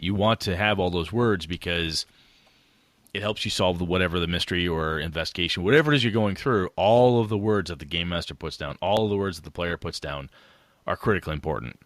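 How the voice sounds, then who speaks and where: Low forceful guy on a gaming podcast, blunt and swears a bit, dry close sound. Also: dry recording. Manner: frank and animated, swears casually. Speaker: podcast co-host. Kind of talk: casual gaming chat.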